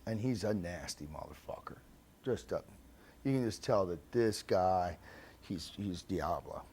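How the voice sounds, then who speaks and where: A man with a fairly low voice tells a rough story from his past, cursing freely as he goes. He speaks bluntly and acts out the other characters' lines, sometimes dropping to a low murmur for asides. A faint hiss sits under the recording. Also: animated, measured pace, darkish tone. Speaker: interviewee recounting his past. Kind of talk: profane storytelling anecdote.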